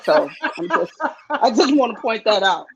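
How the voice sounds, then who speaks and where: A woman co-hosting a casual chat, animated and quick with laughing asides. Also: medium pitch, background noise. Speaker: podcast co-host. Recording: dull lo-fi stream audio.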